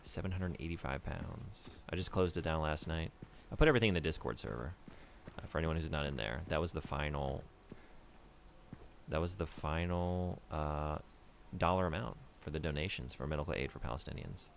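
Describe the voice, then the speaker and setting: A man streaming a video game, casually chatting with viewers in an animated, rambling way. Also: very deep voice, brisk, gravelly, slight background noise. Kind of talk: casual gameplay commentary.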